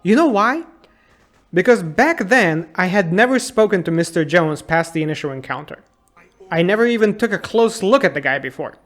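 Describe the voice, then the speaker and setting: A man in his thirties with a notably high voice, narrating a funny look back at a game he loved as a kid. He sounds sarcastic and exasperated, often mocking the plot in disbelief. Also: animated, moderate pace, a bit bright. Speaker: YouTube game reviewer. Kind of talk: comedic game retrospective narration.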